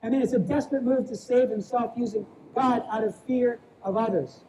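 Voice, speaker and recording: A man's voice: very high-pitched, fairly even intonation, a little fast, warm tone, a little hiss or hum, poor audio. A male pastor preaching a sermon in a plain-spoken, conversational way, often checking in with the congregation by asking "right?". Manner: plain-spoken, calls himself a small-town guy.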